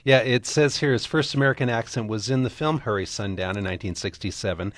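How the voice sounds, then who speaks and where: A man's voice: lowish voice, quick pace, fairly bright tone, dry recording. A man co-hosting a movie talk show, chatting enthusiastically and laughing at his own jokes. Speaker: co-host.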